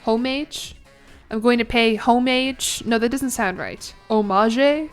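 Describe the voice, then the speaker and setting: A woman streamer chatting casually with her chat while playing a game, with giggly asides and thinking out loud. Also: a little high, animated, measured pace, faint music behind.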